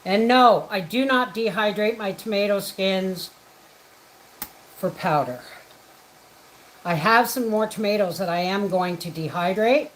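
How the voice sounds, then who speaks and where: Speaking at a measured pace with a medium-pitched voice and long pauses, a woman hosts a homestead livestream in her home kitchen. She chats casually while cooking and welcomes viewers by name. There's slight background noise, and the audio is poor.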